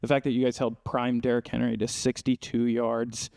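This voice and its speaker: A man's voice: medium pitch, completely flat delivery, moderate pace, gravelly, darkish tone. Enthusiastic man talking football. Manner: enthusiastic sports talk. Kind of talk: casual chat.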